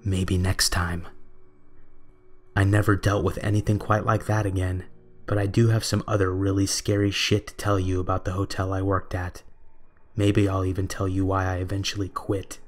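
A young adult man reading a scripted horror story in a measured, steady way. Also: low-pitched. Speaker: narrator.

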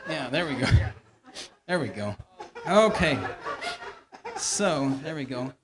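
A man's voice: mid-range voice, big pitch swings, slow pace. A man, a church elder, teaching a Bible lesson by playfully directing volunteers through a staged skit in front of a congregation. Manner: playful, directing volunteers and feeding them lines. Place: church hall before a congregation.

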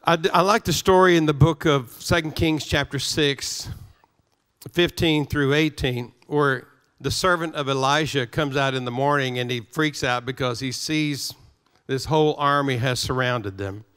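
A man's voice: medium pitch, normal speed, fairly bright tone, smooth. A male pastor preaching a sermon, emphatic, repeating his phrases and restarting words as he drives his points home.

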